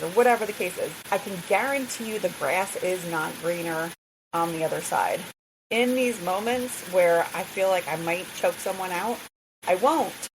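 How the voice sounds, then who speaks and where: A middle-aged woman hosting a podcast, talking candidly and casually, laughing often and filling her talk with "like" asides. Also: on the low side. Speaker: podcast host. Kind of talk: candid solo podcast chat. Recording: hissy recording.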